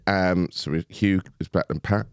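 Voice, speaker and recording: A man with a fairly low voice hosts a podcast. He makes dry jokes and moves the conversation along to the next segment. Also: fairly even intonation, moderate pace, background noise. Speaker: podcast host. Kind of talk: casual banter.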